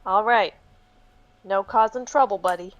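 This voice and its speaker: A woman playing in a tabletop game, playful and quick with asides. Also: mid-range voice, dull audio. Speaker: player. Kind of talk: tabletop role-play as a player.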